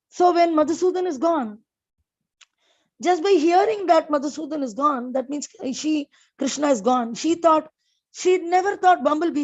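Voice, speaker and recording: High-voiced woman telling a devotional story. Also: darkish tone, muffled recording. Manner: storytelling with frequent fillers and restarts. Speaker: scripture class speaker. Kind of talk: devotional scripture class.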